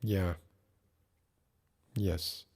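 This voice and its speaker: A man's voice: low voice, fairly even intonation, very slow, creaky, darkish tone. A man hosting a live stream, reading a classic story in a formal Mid-Atlantic voice and breaking off to chat casually. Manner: reads in a formal put-on Mid-Atlantic voice, then chats casually. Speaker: streamer and host.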